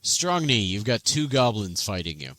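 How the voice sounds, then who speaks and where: A man narrating a tabletop game as game master, in an animated, playful manner. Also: fairly low pitch, moderate pace, no room sound.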